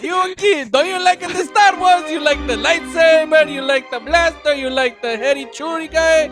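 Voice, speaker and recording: A man's voice: very high-pitched, moderate pace, over music, voice pushed up. A man playing a brash Italian-American mobster dad. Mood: taunting. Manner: pushy, taunting, heavy put-on accent.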